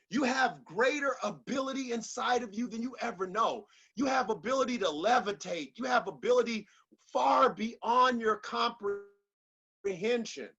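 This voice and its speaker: A man's voice: high voice, fairly bright tone, husky, highs cut off. A man giving a motivational speech in an emphatic, repetitive, preacher-like delivery. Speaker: motivational speaker.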